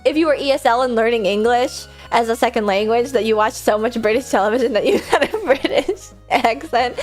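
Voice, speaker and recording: A woman streamer chatting casually with her viewers, giggly and self-mocking, with quick asides. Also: on the high side, expressive, soft background music.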